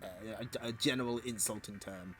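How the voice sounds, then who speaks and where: A man's voice: on the low side, moderate pace, fairly bright tone, soft background music. A man streaming a comic read-along, chatting between panels with giggly, chatty asides.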